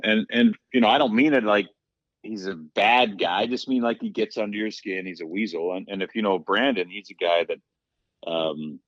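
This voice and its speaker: A man's voice: lowish voice, moderate pace, no echo, muffled recording. A man, a guest on a podcast, telling stories casually and acting out the lines of the people in them. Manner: animated storyteller, acts out quotes. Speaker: podcast guest, former hockey player. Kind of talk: casual storytelling.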